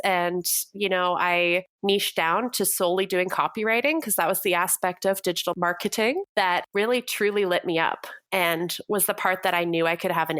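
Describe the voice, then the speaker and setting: A woman's voice: medium pitch, fairly bright tone, no room sound. A young adult woman from Canada, a copywriter guest on a podcast interview, speaking with bubbly enthusiasm.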